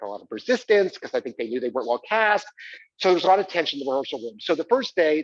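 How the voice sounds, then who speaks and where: A man's voice: on the high side, dry recording, lo-fi sound. A man performing an autobiographical stage monologue, hesitant and full of fillers.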